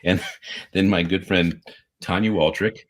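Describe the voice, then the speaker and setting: Enthusiastic male co-host with a very low voice, talking casually on a video call. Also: fairly even intonation, a little slow. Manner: enthusiastic, rambling, upbeat. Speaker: podcast co-host. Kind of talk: casual livestream chat, reading birthday shout-outs. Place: remote livestream video call.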